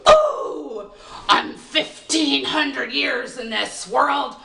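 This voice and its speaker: An ancient, shriveled fairy changeling, put on by a woman storyteller, his creaky old-man croak jumping to a thin, wheedling whine. He sounds sly and strange, heard from a little way off in a roomy space. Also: sits high, extremely slow, background noise, full character voice. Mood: marvelling. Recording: roomy, distant mic.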